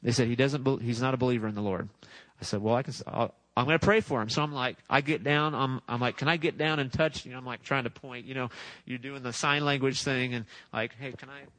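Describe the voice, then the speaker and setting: A man's voice: medium pitch, steady tone, quick pace, fairly bright tone, dry recording, low-quality recording. A man preaching a sermon, telling a testimony story in a chatty way, chuckling and acting out what people said. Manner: chatty, laughs at his own story, acts out voices. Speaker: pastor.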